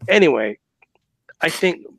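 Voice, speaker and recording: A man hosting a podcast, telling a story in an animated, chatty way and often tagging on "right?" and "man.". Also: fairly high pitch, a little slow, gravelly, dry recording. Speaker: podcast host.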